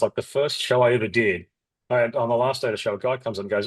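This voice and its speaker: Middle-aged man, fast, husky, rambling founder in an interview. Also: mid-range voice, rough recording. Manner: rapid, rambling, animated, acts out quoted dialogue. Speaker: company founder, guest. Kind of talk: candid interview storytelling.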